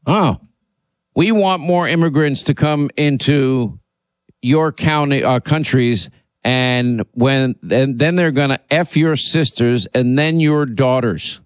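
A man's voice: medium pitch, slow, no echo. A man hosting a political radio talk show, speaking emphatically and indignantly, often repeating himself. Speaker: radio and podcast host.

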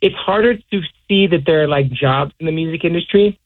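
A young man, a musician, answers interview questions in an easygoing, rambling way full of fillers. His voice sits a bit high. The sound comes through narrow and tinny, like a phone line. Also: fairly quick. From Seattle, raised in Hawaii. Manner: laid-back, chatty, lots of "you know" and "like". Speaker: musician guest.

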